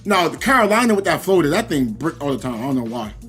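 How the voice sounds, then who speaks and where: A man's voice: high voice, quick pace, vocal fry, soft background music. A man streaming a game live and chatting casually with viewers. He rambles through stories with lots of fillers and restarts. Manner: animated, rambling storytelling with many fillers. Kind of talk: casual live-stream chat while gaming.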